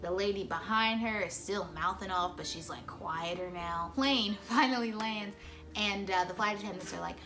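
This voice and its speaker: A woman's voice: mid-range voice, expressive, brisk, music in the background. A young woman vlogger at her parents' home, chatting casually through a story time with lots of "like" and "right?".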